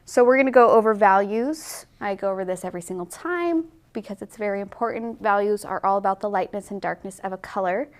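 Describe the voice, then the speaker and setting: A woman's voice: medium pitch, a little fast, hardly any pauses. A woman in her thirties teaching a watercolor tutorial in a casual, chatty way, often saying "like" and laughing easily. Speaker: watercolor instructor.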